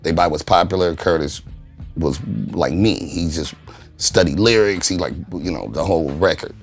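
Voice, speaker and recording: A very deep-voiced man speaks in a relaxed, casual interview, recounting stories with loose, profane street talk. He livens up whenever he quotes friends. Soft music plays faintly underneath. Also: normal speed. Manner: laid-back, profane, lively when quoting friends. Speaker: studio co-founder recalling its origins.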